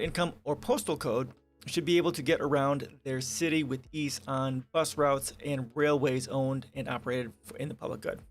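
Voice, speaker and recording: Male streamer, higher voice, sarcastic and swearing, faint music underneath. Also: fairly bright tone. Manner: profane, sarcastic, reads articles aloud and rants. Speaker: livestream host. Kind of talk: casual political commentary stream.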